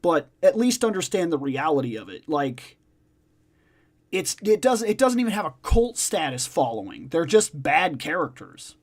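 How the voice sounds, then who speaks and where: A man's voice: a little high, big pitch swings, normal speed. A man hosting a casual discussion chat, emphatic and profane, repeating his points for stress. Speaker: podcast host.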